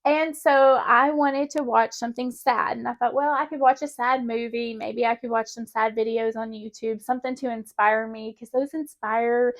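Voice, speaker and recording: A young woman vlogger telling a personal story in a chatty, animated way, often laughing mid-sentence. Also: a little high, moderate pace, hardly any pauses. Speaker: spiritual vlogger. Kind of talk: casual personal storytelling to camera.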